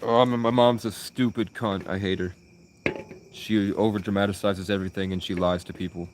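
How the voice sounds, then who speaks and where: A man's voice: sits low, fairly even intonation, normal speed, noisy background. Rambling, profane young man. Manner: rambling, profane, with many restarts. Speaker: vlogger. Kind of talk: casual personal storytelling.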